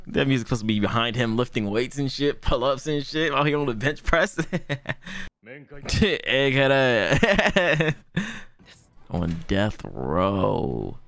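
A man's voice: medium pitch, fairly bright tone. A man hosting an anime reaction channel, talking in loose, slangy, profane commentary and laughing often.

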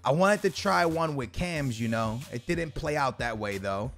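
Excitable young man commentating gameplay. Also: medium pitch, normal speed. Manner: excitable, shouts and laughs at big moments, slangy. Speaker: gaming YouTuber.

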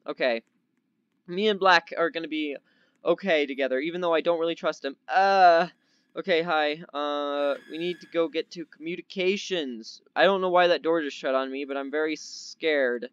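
Excitable young man gaming, slightly dull mic. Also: a little high, normal speed, clear, resonant tone, no room sound. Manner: excitable, easily startled, chatty; doing a slightly odd put-on accent. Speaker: gaming YouTuber. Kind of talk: casual gameplay commentary.

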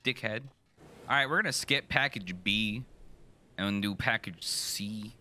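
A young man playing a horror game, joking, swearing and reacting loudly in casual commentary. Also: fairly low pitch, unhurried. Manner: joking, profane, loud reactions. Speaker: gaming streamer. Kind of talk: casual let's-play commentary.

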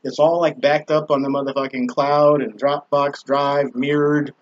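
A man's voice: a little high, fairly even intonation, moderate pace, few pauses. A man hosting his own vlog, ranting casually in a loose, profane, laughing way. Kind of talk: casual rambling rant. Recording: dull lo-fi with faint noise.

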